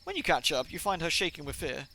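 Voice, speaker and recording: Guy streaming a game, reads the text out loud, chatty, bright sharp voice, slightly higher pitch. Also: sing-song, fast talker, a little hiss or hum, poor audio. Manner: chatty, reads text aloud with asides and fillers. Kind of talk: casual game-text reading aloud.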